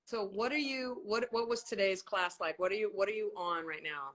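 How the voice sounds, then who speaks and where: Fifties woman host, bright and lively, swears freely, on a video call. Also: moderate pace. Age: 50s. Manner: animated, swears freely, big swings in pitch. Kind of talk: casual livestream chat.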